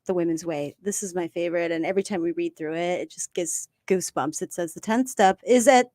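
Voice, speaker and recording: A woman's voice: on the low side, brisk, dry recording, clean studio sound. A woman co-hosting a casual recovery discussion, talking openly and with feeling about her own life. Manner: open, emotional, animated storytelling. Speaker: podcast co-host.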